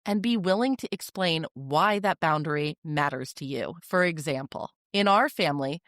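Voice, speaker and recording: A woman hosting a parenting podcast, giving advice in a calm, firm, direct manner with short, deliberate sentences. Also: low voice, dry recording, studio quality. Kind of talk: scripted advice monologue.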